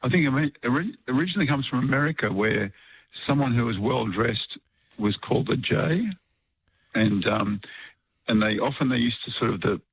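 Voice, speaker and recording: A man's voice: medium pitch, moderate pace, slightly rough, no echo. A man calling in to a radio talkback show, speaking hesitantly with many fillers and restarts over a phone line. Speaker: caller.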